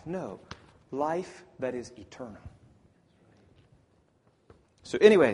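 Slow dramatic male preacher in a hall. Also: on the high side, very animated, slightly rough. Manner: dramatic swings from loud to whispered. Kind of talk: sermon.

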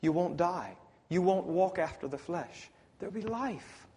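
A man preaching a sermon, swinging from loud emphatic lines to near whispers. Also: high-pitched, animated, a little slow, breathy edge, big-room sound.

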